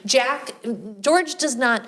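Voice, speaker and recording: A woman co-hosts a casual podcast, retelling a film scene by scene. Her voice sits slightly high and she slips into the characters' lines with animated energy. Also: slow. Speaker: podcast co-host reviewing a movie. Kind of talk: casual chat.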